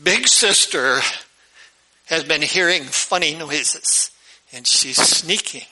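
A man's voice: a little high, slow pace, rough recording. A man, a pastor, telling a folksy story in a sermon and acting out the characters. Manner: animated, acts out the characters' voices.

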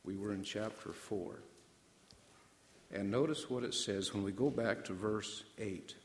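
A man's voice: on the low side, unhurried, a little hiss or hum. Man preaching in an echoey hall. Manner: asks the congregation questions, draws out key words. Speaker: pastor. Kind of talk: sermon.

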